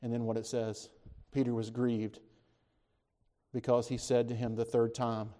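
A man preaching a sermon, retelling scripture as a story, asking his listeners questions and lifting his voice when he speaks the disciples' lines. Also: a little slow. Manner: animated storytelling, voices the disciples' words with rising pitch; conversational, asks the listeners questions.

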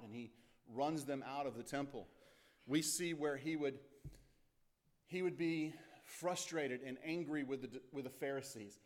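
A man in the middle of a sermon, speaking at an ordinary pitch for a man. He talks to the congregation casually and now and then slips into the voices of the people in his story. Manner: conversational preaching with acted-out quotes and repeated phrases. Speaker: pastor. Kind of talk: expository sermon.

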